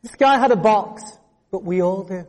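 A man preaching a sermon, telling a story with humor and lively asides to the congregation. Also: sits high, normal speed. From England. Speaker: pastor. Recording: long reverb of a large hall.

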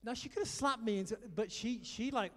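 A British man delivers an animated sermon, trading stories for direct appeals to his listeners. His voice sits high. The sound carries a long hall reverb. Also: fairly quick. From Britain. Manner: animated storytelling, exhorting the audience. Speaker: preacher.

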